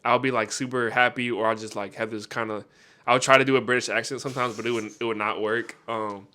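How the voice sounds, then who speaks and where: A young American man co-hosting a podcast, telling stories in an animated, casual way with lots of fillers. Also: mid-range voice, fast talker. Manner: animated storyteller, many fillers. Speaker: podcast co-host. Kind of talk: casual chat.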